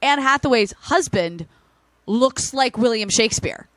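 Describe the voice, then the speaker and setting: A woman's voice: on the high side, lively intonation, measured pace, a bit bright, no echo. A woman co-hosting a casual podcast, chatting and laughing easily as she tells stories. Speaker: podcast co-host. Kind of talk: casual chat.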